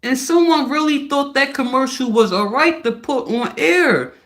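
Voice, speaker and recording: A woman livestreamer ranting loudly and profanely on a live stream. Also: high-pitched, moderate pace. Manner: loud, profane, animated ranting.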